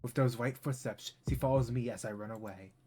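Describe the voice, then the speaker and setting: A man's voice: mid-range voice, a little fast, background noise. A man streaming as a VTuber, reading a visual novel aloud with drama and breaking into rambling asides.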